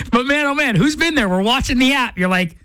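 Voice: high voice, lively intonation, normal speed, bright, forceful tone, no echo. A commentator telling a story in a casual monologue, acting out impatient inner voices. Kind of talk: casual monologue reacting to a viral video.

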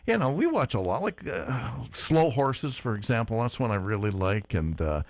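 A man's voice: medium pitch, sing-song, normal speed, no echo. A middle-aged man hosting a radio show, chatting casually with rambling fillers and restarts. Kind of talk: casual on-air chat.

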